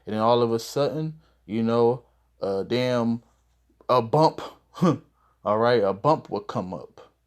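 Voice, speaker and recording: A man's voice: mid-range voice, slow pace. Man teaching scripture in a loose, casual way. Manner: loose and conversational, with mild swearing and many fillers; reads scripture verses aloud, then explains them in plain talk. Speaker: Bible teacher.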